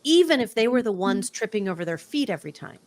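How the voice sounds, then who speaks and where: A woman chatting in a casual conversation with an animated, emphatic way of talking. She keeps pressing on her points as she tells her story. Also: medium pitch, fast.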